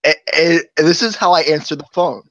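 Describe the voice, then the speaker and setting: Talk co-host, male, rambling anecdotes, somewhat high voice, muffled dry recording. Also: fairly quick, fairly bright tone, no echo. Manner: rambling storyteller, chuckles often. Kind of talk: casual live chat.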